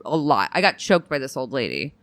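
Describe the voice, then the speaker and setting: A woman's voice: rumbling low, wildly swooping pitch, fairly quick, fairly bright tone, no room sound. A woman comedian, a podcast guest, telling blunt, profane stories and laughing often in casual chat.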